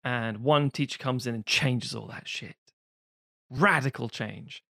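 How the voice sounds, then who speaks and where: A man, co-hosting a podcast, reviewing a film in casual, sweary, animated chat. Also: medium pitch, a little slow, gravelly, no room sound, clean studio sound. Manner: sweary, animated retelling of scenes. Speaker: podcast co-host reviewing films.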